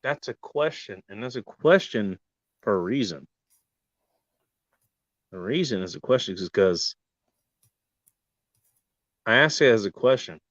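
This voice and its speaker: A man hosting a show in a profane mock-serious rant, firing rhetorical questions and dropping from loud outbursts to near-murmurs. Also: fairly low pitch, expressive, unhurried, long pauses, no echo. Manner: heavy swearing, rhetorical questions. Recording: dull lo-fi dry recording.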